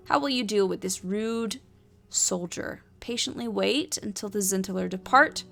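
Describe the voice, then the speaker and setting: A woman's voice: medium pitch, a little slow, vocal fry, a bit bright, faint music behind. A woman reading and playing through a solo tabletop adventure, chatting and thinking aloud between passages. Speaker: solo player and narrator.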